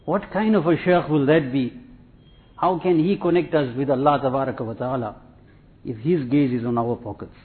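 A man giving a sermon in a measured, repetitive preaching cadence, telling anecdotes. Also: mid-range voice. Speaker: Islamic preacher. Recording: tinny phone-like audio.

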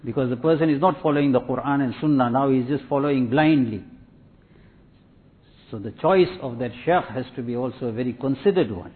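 A man giving a sermon in a measured, repetitive preaching cadence, telling anecdotes. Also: mid-range voice. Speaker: Islamic preacher. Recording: tinny phone-like audio.

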